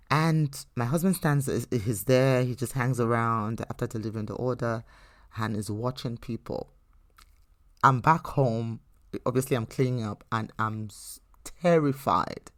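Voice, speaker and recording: A woman hosting a faith teaching podcast who talks earnestly and conversationally, telling personal stories with frequent restarts. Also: rumbling low. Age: adult. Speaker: podcast host.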